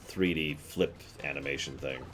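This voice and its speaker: A man's voice: rumbling low, fairly even intonation, normal speed, music in the background. A man streaming a video game, giving casual commentary with chatty, offhand asides.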